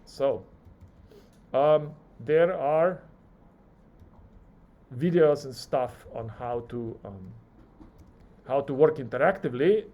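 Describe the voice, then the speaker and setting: A male lecturer teaching a live coding class, talking through each keystroke and acting out the software's replies. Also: mid-range voice, animated, slow pace, pauses often.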